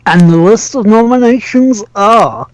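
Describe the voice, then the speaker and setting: Uk guy cohosting a gaming podcast, bit higher voice, laughs a lot, dry close mic. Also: expressive, a little slow, no room sound, poor audio. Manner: chatty, laughs often. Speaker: podcast co-host. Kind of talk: casual chat.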